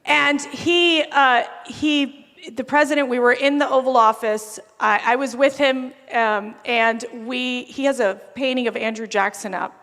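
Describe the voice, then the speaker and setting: A woman telling lively anecdotes to a crowd at an event, emphatic and rousing. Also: high voice, measured pace. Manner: animated, emphatic, builds to rousing calls. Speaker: speaker at a political event. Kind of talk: storytelling speech to a crowd. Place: event venue before a crowd. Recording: reverberant event hall.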